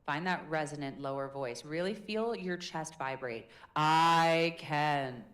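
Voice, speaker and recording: A woman coaches a group through a live public speaking workshop, chatty and demonstrative. Her voice sits a little low. She keeps things encouraging. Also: animated, normal speed. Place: meetup room in a tech hub.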